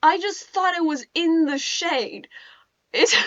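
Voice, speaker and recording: High-voiced rambling woman. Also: sing-song, slow pace, long pauses, fairly bright tone, no echo, dull audio. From Netherlands. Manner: rambling, self-interrupting, laughs often, swears casually. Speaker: gaming YouTuber. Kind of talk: casual rambling commentary over gameplay.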